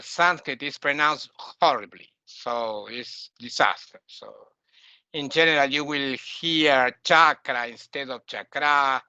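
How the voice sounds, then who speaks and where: A man's voice: mid-range voice, bright, forceful tone, smooth, no echo. A man teaching a lesson, emphatic, repeating and correcting words again and again. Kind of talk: lecture on Sanskrit texts. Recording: dull lo-fi recording.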